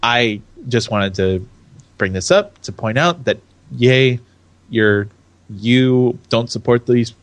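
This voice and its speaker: A man's voice: mid-range voice, takes it slowly. A young adult man from California co-hosting a casual podcast chat, rambling, restarting his sentences and laughing often. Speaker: podcast co-host.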